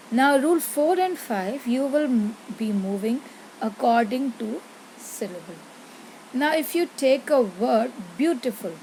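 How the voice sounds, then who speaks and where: A woman teacher talks through a grammar lesson at a very slow, careful pace. Her voice sits a little high, and she often stops to ask her pupils a question. A faint hiss of noise runs under the recording. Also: mellow, poor audio. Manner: slow, deliberate, repeats words and asks pupils questions. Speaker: English teacher.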